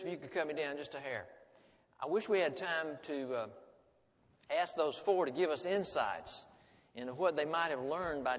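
A middle-aged man, a family studies teacher, gives a folksy, conversational lecture to a live audience and often asks it rhetorical questions. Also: mid-range voice. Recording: reverberant hall.

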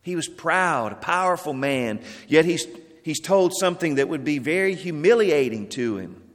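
A man's voice: expressive, moderate pace. Man preaching in a reverberant hall. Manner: reads scripture aloud with rising emphasis, then drops low. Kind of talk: sermon.

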